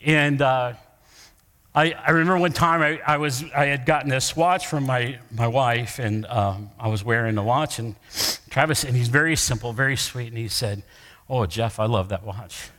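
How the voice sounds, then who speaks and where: A man's voice: mid-range voice, normal speed, bright, forceful tone. Conversational man preaching in a reverberant hall. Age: middle-aged. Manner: conversational, jokes with congregation. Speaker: pastor. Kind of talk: sermon. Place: church sanctuary.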